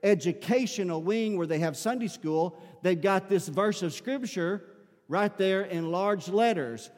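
High-voiced man preaching. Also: a little slow, a little mellow. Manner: earnest preaching, repeats words when pressing a point. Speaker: pastor. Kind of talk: sermon. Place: church sanctuary. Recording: long hall reverb.

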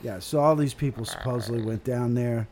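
A man in a casual podcast chat, talking about conspiracies with lots of swearing and halting restarts. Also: mid-range voice, a little mellow, slight background noise.

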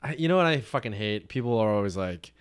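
A man's voice: on the low side, animated, quick pace, smooth. A man in casual sports podcast chat, swearing freely, ranting and acting out mock conversations. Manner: profane, ranting, acts out mock dialogue. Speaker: podcast co-host.

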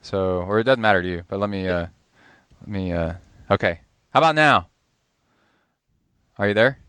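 A man's voice: sits low, normal speed, a bit bright, clear, resonant tone, no echo. A man hosting a podcast interview over a Skype call, chatty and joking, laughing often. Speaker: podcast host. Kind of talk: casual interview chat.

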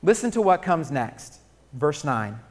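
A male pastor delivers a sermon with a high-pitched voice. He drops to hushed, pleading tones and then builds to loud, rousing calls to the congregation. The sound carries a long reverb from the church sanctuary. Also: big pitch swings, unhurried. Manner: dynamic preaching, shifting from hushed pleading to loud exclamation.

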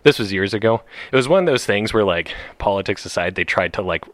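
A man's voice: lowish voice, animated, quick pace, fairly bright tone, dry recording. A young man hosting a casual podcast chat, talking in a rambling, joking way full of fillers. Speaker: podcast host. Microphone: podcast mic.

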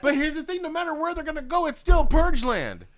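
A man's voice: very high-pitched, big pitch swings, brisk, a crowd in the background. A man co-hosting a podcast, chatting casually and swearing a lot, acting out quotes as he goes. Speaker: podcast co-host. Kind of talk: casual chat recapping a show.

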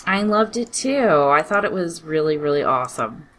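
Low-voiced woman co-host, lively. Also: moderate pace. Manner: easygoing, hesitant with fillers. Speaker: co-host, best friend. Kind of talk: casual chat.

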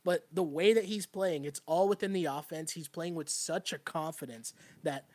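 A man hosting a casual sports talk stream, animated and rambling, laughing often as he talks. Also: on the high side, moderate pace. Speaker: podcast host.

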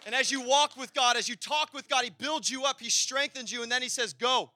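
A man preaching a passionate sermon in a church, swinging between loud and quiet. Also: very high-pitched, brisk, no room sound, faint music behind. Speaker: pastor. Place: church hall.

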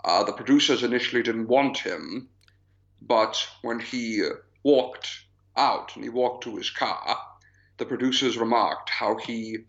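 A man's voice: mid-range voice, a little slow, fairly bright tone, muffled recording. A man co-hosting a podcast, chatting casually about films and laughing often. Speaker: podcast co-host. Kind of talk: casual chat.

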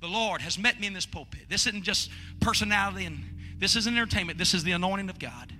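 A man preaching a sermon in a church sanctuary, moving from hushed storytelling to shouted pleading. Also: high-pitched, lively intonation, fast, in a large hall, soft background music. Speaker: pastor.

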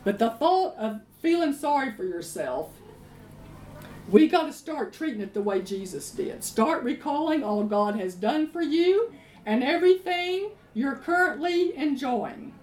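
Animated woman preacher. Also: high-pitched, a little slow, slight background noise. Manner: animated storytelling, emphatic. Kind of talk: sermon. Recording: roomy echo, faint ambience.

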